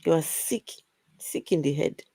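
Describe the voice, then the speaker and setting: A woman's voice: deep voice, a little slow, vocal fry, mellow, breathy edge, no echo. Blunt woman hosting a live stream. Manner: blunt, exasperated, talks directly to her co-host. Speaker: host. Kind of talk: casual live-stream commentary.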